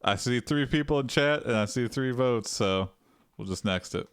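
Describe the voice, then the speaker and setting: A man hosting a live stream of an interactive AI story, casual and crude, reading out his input slowly as he types. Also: mid-range voice, clear, resonant tone, dry recording, studio quality. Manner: drawn-out typing dictation, crude jokes.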